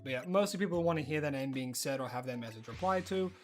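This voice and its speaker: Excitable Australian streamer, lively pitch. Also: quick pace, soft background music. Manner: chatty and rambling, bursts into excited disbelief. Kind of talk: casual live-stream chat while gaming.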